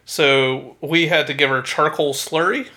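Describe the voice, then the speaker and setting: A male podcast co-host telling animated, profane stories in casual chat. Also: a little high, measured pace.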